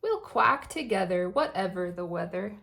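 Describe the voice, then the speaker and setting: A woman voicing a kind father duck in a storybook, reading gently and reassuringly. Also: mid-range voice, lively intonation, normal speed, creaky. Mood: comforting. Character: kind father duck comforting his son.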